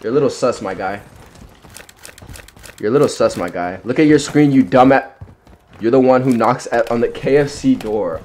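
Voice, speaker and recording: A young man streams a video game, trash-talking his chat in a casual, playful, teasing way full of slang and repeated phrases. His mid-range voice has a darkish tone and normal speed, with long pauses and a little hiss or hum.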